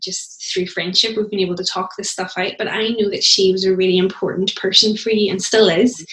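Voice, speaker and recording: Woman hosting an interview; mid-pitched, gentle and thoughtful, in a roomy space. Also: fairly even intonation, a little fast. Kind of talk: casual interview. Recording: roomy echo.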